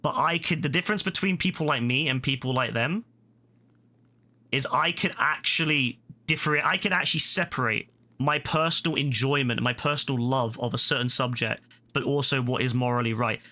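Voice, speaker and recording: A man's voice: medium pitch, moderate pace, pushed and bright. A British man livestreaming a game, ranting heatedly at a viewer in chat, profane and repetitive. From Britain. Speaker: gaming livestreamer. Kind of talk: angry rant at a chat viewer.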